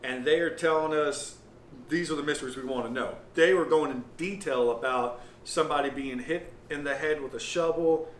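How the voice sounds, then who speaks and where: A man, recounting his experiences as owner of an old lodge in a halting, rambling way with lots of fillers. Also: a little high. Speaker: property owner and paranormal investigator. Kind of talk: casual storytelling interview. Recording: roomy with faint noise.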